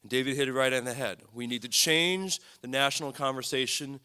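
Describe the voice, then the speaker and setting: Psychiatrist guy lecturing a crowd, earnest, hammering his points, bright forceful voice. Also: mid-range voice, brisk, clear, resonant tone. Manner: earnest, emphatic, lists points with repetition. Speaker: psychiatrist speaking at a lecture event. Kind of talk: public talk to an audience.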